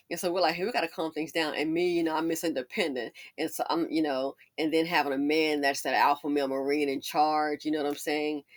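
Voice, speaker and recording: A middle-aged woman hosting commentary, sassy and folksy, telling stories with lots of laughter. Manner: animated, acts out quotes in a high excited voice, laughs often. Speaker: commentary channel host. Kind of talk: casual commentary and storytelling.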